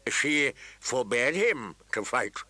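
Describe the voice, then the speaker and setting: A man's voice: medium pitch, sing-song, slow, sharp tone, no room sound, exaggerated voice. A man voicing a grave, honourable male lord who speaks bluntly and earnestly. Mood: earnest tense.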